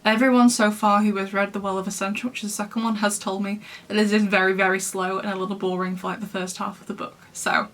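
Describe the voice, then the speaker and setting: A woman's voice: medium pitch, little pitch movement, fast talker, a bit bright. A young woman chatting casually about books she read, giggling often and rambling with fillers. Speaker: book reviewer. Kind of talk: casual book review.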